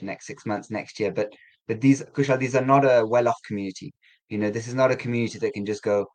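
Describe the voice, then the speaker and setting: Low-voiced man giving a measured interview. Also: rough recording. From England. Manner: measured, halting, many fillers and restarts. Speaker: guest, community coordinator. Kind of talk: conversational interview.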